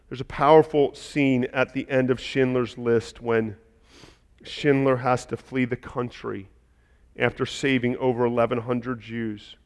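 A man preaching a sermon as a pastor, impassioned and building to loud, emphatic delivery. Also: medium pitch, flat delivery, measured pace, big-room sound.

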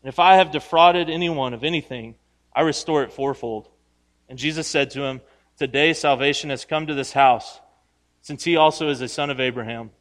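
A pastor preaches a sermon conversationally, asking the congregation questions and acting out the voices of people in the story. His voice is mid-range and fairly bright, at a normal speed, recorded in a reverberant hall.

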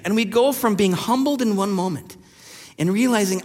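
A male pastor preaching a sermon in a relaxed, conversational way, telling stories with many fillers. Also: high-pitched, normal speed, long reverb tail.

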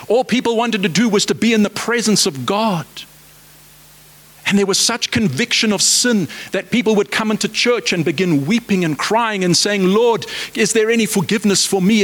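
A man delivers a fervent sermon in a voice pitched a little above most men's. He drives his points home with repeated rhetorical questions. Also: a bit bright. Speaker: preacher.

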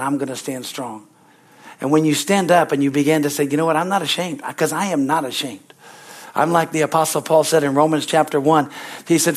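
A middle-aged man preaching with emphatic, rising energy. His voice sits a little high for a man, and he keeps calling out for amens and hallelujahs between points. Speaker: pastor. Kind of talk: sermon.

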